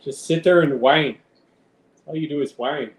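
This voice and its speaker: A man's voice: on the high side, a little slow. A rambling man chatting from his kitchen. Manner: rambling, swears, talks to his cat. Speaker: live streamer. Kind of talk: casual stream chat. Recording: roomy with faint background noise.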